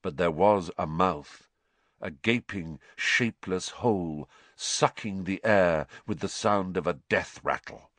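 A man narrating a story in a measured, dramatic way. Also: low voice, a bit bright, no echo. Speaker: audiobook narrator.

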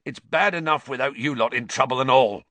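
A man voicing a huge, gentle male groundskeeper with gruff, rough country speech. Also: mid-range voice, brisk, no echo, pitched above the performer's own voice, close to an everyday voice. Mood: urgent.

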